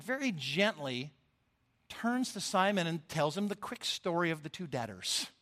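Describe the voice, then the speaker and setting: A middle-aged man giving a sermon as a lay preacher, telling the story in an expressive, animated way. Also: high voice.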